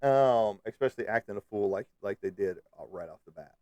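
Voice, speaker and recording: A man's voice: on the low side, expressive, fairly quick, mellow, no echo, highs cut off. A man hosting a live stream, chatting casually with viewers in a rambling, joking way with lots of fillers. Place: Kansas City area.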